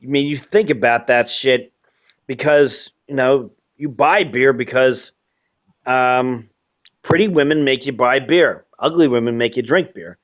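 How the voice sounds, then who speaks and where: A man's voice: mid-range voice, measured pace, dull audio. A man ranting in casual commentary as host of his own show, profane and rambling with lots of fillers. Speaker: host of a webcast.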